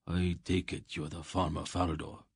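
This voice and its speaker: A man's voice: sits low, little pitch movement, normal speed, breathy edge, no room sound, studio quality, full character voice. A man voicing a cold, scar-faced foreign merchant with a heavy accent in an audiobook. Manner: cold, terse.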